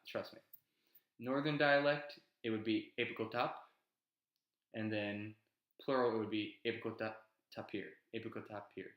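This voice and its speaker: A man's voice: on the low side, fairly bright tone. A man casually teaching an invented language, rambling with self-aware asides. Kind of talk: casual video lesson. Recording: echoey room.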